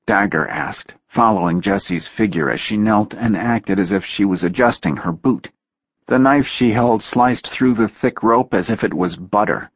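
A man reading a story aloud in a steady, measured narration. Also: fairly low pitch, breathy edge, no echo, dull audio. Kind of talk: audiobook narration.

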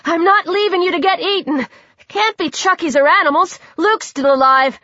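A woman voicing a frightened but stubborn young girl in an audiobook, high and anxious, in a dry, dull recording. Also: normal speed, bright, forceful tone, no room sound.

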